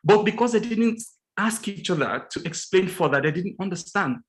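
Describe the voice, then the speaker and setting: A man with a fairly high voice talks earnestly on a religious morning show. He slows right down to lean on key words, and he repeats his main points so they land. Now and then he acts out little scenes with lively jumps in pitch. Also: rough recording. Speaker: studio guest on a religious breakfast show. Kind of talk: earnest teaching talk on relationships.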